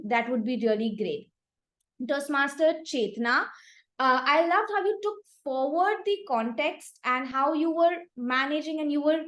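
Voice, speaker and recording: A young woman giving upbeat, encouraging feedback to speakers at a club meeting, with gentle suggestions for each one. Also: sits high. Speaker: table topics evaluator.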